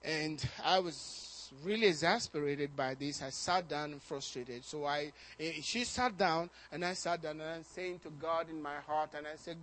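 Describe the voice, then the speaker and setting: A man pastor preaching a sermon, telling personal stories in an animated way, often repeating words and rising in excitement. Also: on the high side, moderate pace, few pauses.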